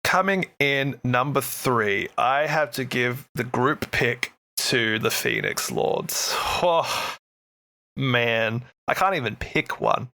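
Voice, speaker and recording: Excitable male co-host with a bright, forward voice; casual, jokey hobby chat. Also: medium pitch, gravelly. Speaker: podcast co-host.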